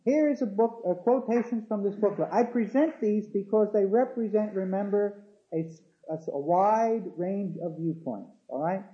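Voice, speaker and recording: A man's voice: sits high, moderate pace. A man teaching a theology class, hesitating with fillers and restarts, then reading quoted passages aloud with emphasis. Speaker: theology lecturer. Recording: dull lo-fi classroom recording.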